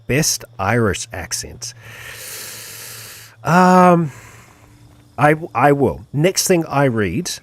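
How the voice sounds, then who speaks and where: A man's voice: medium pitch, big pitch swings, unhurried, few pauses, dry recording. A man streaming a game live, commentating and cheering on his companion.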